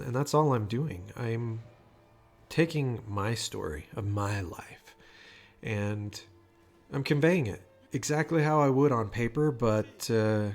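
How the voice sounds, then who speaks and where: A man talking casually into a home microphone for his audio vlog, rambling with lots of fillers, restarts and swearing. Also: lowish voice. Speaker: vlogger. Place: home room. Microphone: new microphone at home.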